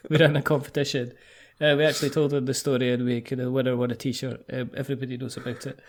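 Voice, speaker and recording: A man's voice: mid-range voice, flat delivery, fast. A man with a Scottish accent hosting a casual podcast chat, playful and teasing, laughing often. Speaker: podcast host.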